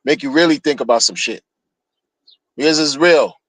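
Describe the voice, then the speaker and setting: A man's voice: on the high side, moderate pace, a bit bright, no echo, poor audio. Blunt, slangy man ranting on stream. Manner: blunt, slangy, rambling with repeated phrases. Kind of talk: casual on-stream rant. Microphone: streaming mic.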